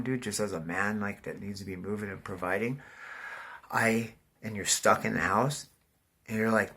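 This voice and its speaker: Husky, swearing man in his forties. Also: fairly low pitch, a bit bright. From California. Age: 40s. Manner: swearing, says "dude" constantly. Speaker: vlogger. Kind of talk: casual rambling monologue.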